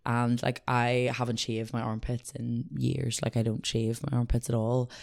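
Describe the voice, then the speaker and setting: A young woman with a Northern Irish accent, a guest stylist telling stories in casual podcast chat, with constant "like" and lively acted-out quotes. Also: very deep voice, normal speed, vocal fry. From Northern Ireland.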